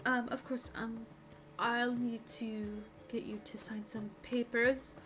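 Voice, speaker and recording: Woman running a tabletop game, lots of ums, bright voice, some faint music in the back. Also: on the high side, level tone, slow. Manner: hesitant, many ums, building suspense. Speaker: game master.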